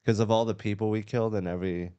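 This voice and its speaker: A man's voice: fairly low pitch, fairly even intonation, racing, dark tone, clear, resonant tone, highs cut off. An American man hosting a casual studio podcast chat, blunt and profane, joking with his guests on headphones. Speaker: podcast host. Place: studio room. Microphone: studio mic with headphones.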